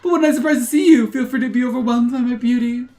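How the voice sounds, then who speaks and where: A woman's voice: fairly high pitch, racing, mellow, faint music behind, pitched above the performer's own voice, close to an everyday voice. A woman voicing a haughty, vain ghost princess with a preening, grand manner.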